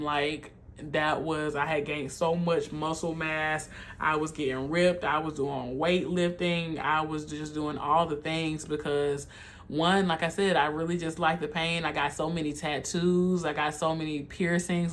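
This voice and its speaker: A young adult video creator candidly telling a personal story, heartfelt and halting, speaking straight to viewers as y'all. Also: medium pitch, a bit bright, a little hiss or hum. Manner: halting, with frequent um and like.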